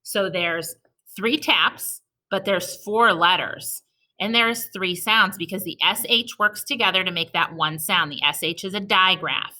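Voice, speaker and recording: With a sharp tone and a pitch on the low side, a woman patiently sounds out letters one by one for young children. It's a recorded early-reading lesson, and she praises the kids as she goes.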